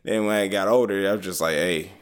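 A man with a low voice tells stories in a loose, casual chat. He talks in a laid-back, profane way and breaks into laughter often. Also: steady tone, quick pace, clean tone.

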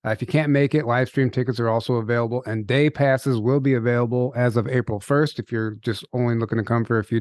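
A man's voice: mid-range voice, a little mellow, no room sound, clean studio sound. A man hosting a podcast, reading the promos and interviewing a guest in a casual, upbeat way with frequent fillers. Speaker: podcast host.

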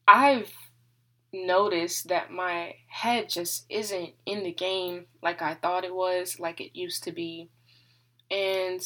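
Young woman, student, candid vlog, bright and sharp tone, rambly and open. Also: lowish voice, poor audio. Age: young adult. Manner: open, rambling, thinking aloud. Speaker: college student. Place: her apartment room.

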